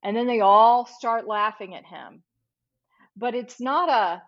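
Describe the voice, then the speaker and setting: Her voice is a little high and her pace a little slow. This Los Angeles-based woman trial lawyer, a podcast guest, recounts a case conversationally and with vivid detail, performing the quoted speech. Recording quality is lo-fi and dull.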